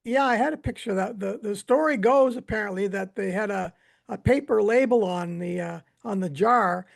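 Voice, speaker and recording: Gravelly man explaining, pausing often. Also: high voice. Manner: measured explainer with frequent hesitations. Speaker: podcast co-host. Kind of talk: casual explanatory chat.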